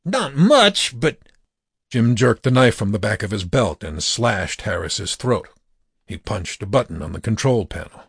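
Low gravelly guy reading a story slow, husky, dry close sound. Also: no room sound. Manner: slow, measured reading with acted dialogue. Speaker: narrator. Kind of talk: audiobook narration.

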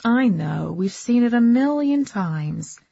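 A woman's voice: on the high side, expressive, takes it slowly, gravelly, warm tone, slightly rough, dry recording, pitched above the performer's own voice, full character voice. A woman voicing a snobbish middle-aged woman who gossips in a prim, disapproving way, on a dull, muffled recording.

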